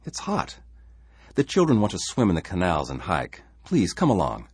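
A man voicing a worried, caring wife in a gentle, pleading manner. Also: low voice, wildly swooping pitch, normal speed, breathy edge, dry recording, voice pushed up, heavily acted.

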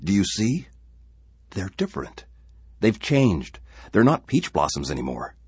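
Guy doing a panicky settler man, deep voice going way up and down, kinda husky. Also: wildly swooping pitch, a little slow, darkish tone, no room sound, full character voice. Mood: frantic. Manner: urgent, pleading. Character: anxious male settler, frantic and fearful.

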